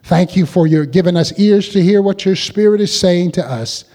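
A pastor delivers a sermon to his congregation in a high, mellow voice, pausing often to pull them into call-and-response. A long reverb carries his words around the church hall.

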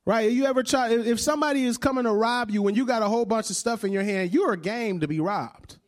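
A man's voice: very high-pitched, quick pace. A male preacher in his thirties giving a conversational sermon, often checking in with "right?" and laughing along with the congregation.

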